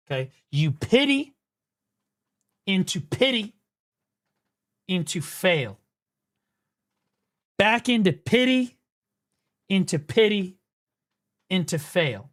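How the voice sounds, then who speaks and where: A man's voice: high-pitched, big pitch swings, takes it slowly, pauses often. A man streaming a game, commentating casually while mocking another player with profanity and laughter.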